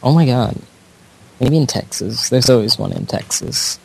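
A man co-hosting a prank call show in casual chat, delivering dry, deadpan wisecracks. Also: medium pitch, normal speed, creaky, husky, dry recording, rough recording. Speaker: co-host and prank caller.

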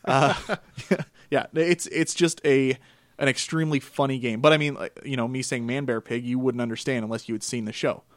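A man's voice: medium pitch, brisk, no room sound, studio quality. Laughing man co-hosting a game podcast. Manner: laughs often, animated storytelling. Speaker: podcast co-host. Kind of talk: casual chat about games.

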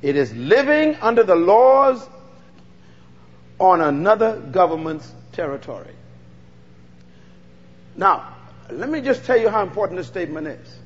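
Fervent Bahamian preacher, high voice. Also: male voice, sing-song, measured pace, pauses often, big-room sound, muffled recording. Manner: fervent call-and-response preaching. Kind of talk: sermon.

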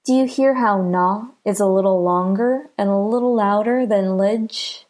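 A woman with an American accent teaching English pronunciation, speaking slowly and clearly and repeating example words for learners. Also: medium pitch, darkish tone.

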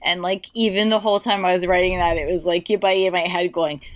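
A woman's voice: lowish voice, fairly even intonation, fast talker. A woman chatting casually, rambling and explaining eagerly with lots of filler words. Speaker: co-host. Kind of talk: casual chat.

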